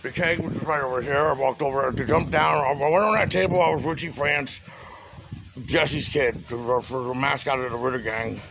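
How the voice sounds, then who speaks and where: Gravelly-voiced man telling a story. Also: mid-range voice, fairly even intonation, moderate pace, fairly bright tone, slight background noise, poor audio. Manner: loose and profane, with street slang and many fillers. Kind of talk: casual spoken storytelling.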